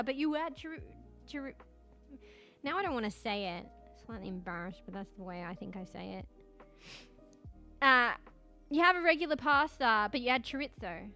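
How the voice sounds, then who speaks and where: A woman's voice: a little high, expressive, normal speed, long pauses. A woman streaming casually, reading chat and search results aloud, giggling often, swearing freely and repeating words as she tries out how to say them. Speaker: streamer chatting with viewers. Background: soft background music.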